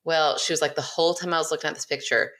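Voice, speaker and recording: A woman's voice: deep voice, fairly even intonation, very fast, a bit bright. A woman co-hosting a podcast, telling a story in a rambling, giggly way. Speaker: podcast co-host. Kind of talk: casual chat, storytelling.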